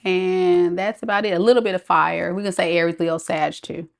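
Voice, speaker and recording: On a live stream, a woman tarot reader chats away, reading viewers' comments out loud and laughing often. Her voice sits on the low side, gravelly and steady in tone, at a normal speed.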